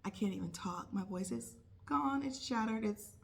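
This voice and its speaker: A woman's voice: mid-range voice, moderate pace, gravelly. A woman who is a nurse, telling a casual vlog story and acting out her own thoughts in quotes. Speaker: nurse vlogger.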